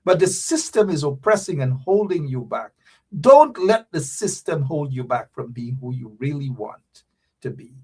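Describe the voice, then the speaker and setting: A man closes out his live show and speaks straight to his viewers in a preachy, repetitive way. His voice sits a little high for a man. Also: very animated, moderate pace, a little mellow, slightly rough. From Guyana. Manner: preachy, repeats phrases, addresses viewers directly. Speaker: show host. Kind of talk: casual live-stream sign-off.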